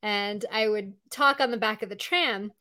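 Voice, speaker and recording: Bright and a little pushed, her medium-pitched voice moves at a moderate pace. She's a podcast host running a live video-call show, chatting casually with plenty of "like" and "um" fillers.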